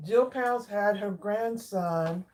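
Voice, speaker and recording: A woman hosting a casual craft livestream, chatting warmly with viewers by name and drawing out her exclamations while she eats. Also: mid-range voice, slow pace. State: eating while talking. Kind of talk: casual live chat with viewers.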